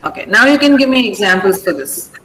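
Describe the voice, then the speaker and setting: A woman's voice: mid-range voice, very animated, quick pace, fairly bright tone, slight background noise, poor audio. A woman teacher running an online class, patiently spelling out word endings and explaining which syllable is stressed. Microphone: video call.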